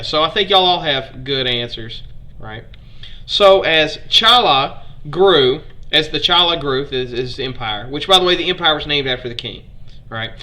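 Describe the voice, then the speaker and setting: A man's voice: on the high side, sharp tone. A man from Alabama with a Southern accent, hosting a casual live history stream, chatting with viewers, putting questions to them and stumbling over foreign names.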